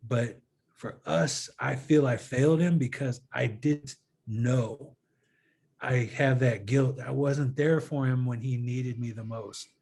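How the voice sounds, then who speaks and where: A man in a relaxed conversation retells a friend's story, switching into quoted dialogue as he goes. His voice sits at a middle pitch and his delivery is earnest and animated. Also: slow pace, gravelly, breathy edge. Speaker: guest filmmaker. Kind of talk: casual storytelling interview.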